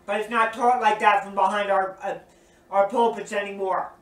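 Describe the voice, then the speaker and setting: Earnest high-voiced male preacher, echoey room. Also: little pitch movement, normal speed, fairly bright tone. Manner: earnest, repetitive, emphatic. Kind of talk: recorded sermon teaching. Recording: roomy echo, distant from mic.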